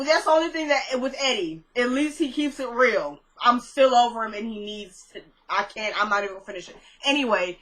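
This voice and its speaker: A woman casually recapping a TV episode, chatty and animated, acting out characters' lines as she retells the scenes. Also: a little high, poor audio. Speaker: TV recap vlogger.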